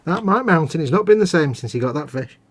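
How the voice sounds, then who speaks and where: A man's voice: a little high, lively intonation, fast. A man from England hosting a live stream while building a model kit, chatting casually with dry, self-mocking jokes.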